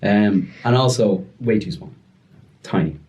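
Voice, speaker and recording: Deep-voiced Irish man telling a story. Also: a little slow, darkish tone. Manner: chatty, loose, full of fillers. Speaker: podcast guest. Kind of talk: casual storytelling. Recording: distant and dull lo-fi sound.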